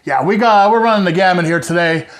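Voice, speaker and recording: A middle-aged man with a high voice talks fast as he hosts a casual beer review at home. He's chatty and joking, drifting into rambling asides.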